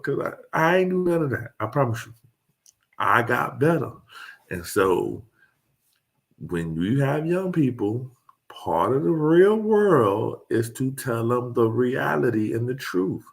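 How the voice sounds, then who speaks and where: A man's voice: mid-range voice, gravelly, a bit bright. A man, talking casually to his online audience, joking and laughing often. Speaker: host.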